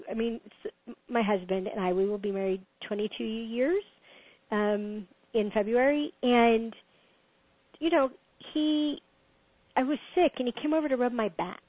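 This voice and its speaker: A middle-aged woman talks through relationship advice with lively emphasis and frequent laughter. Her voice sits a little high for a woman. It comes through a tinny, phone-like line with a dry sound. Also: measured pace, no echo. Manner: animated, laughs often, emphatic advice-giving. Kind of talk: casual conversation.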